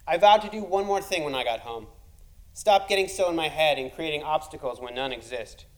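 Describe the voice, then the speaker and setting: A man's voice: a little high, a little fast, rough recording. A man telling a comic personal story, wry and self-deprecating, building to punchlines.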